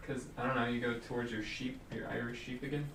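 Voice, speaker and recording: A man keeps up quick, teasing back-and-forth on a painting stream. His voice sits in the middle range and comes from across an echoey room, with noise under it. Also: mid-range voice, level tone. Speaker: co-host of a painting livestream. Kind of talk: casual chat. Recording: roomy, distant mic, noisy ambience.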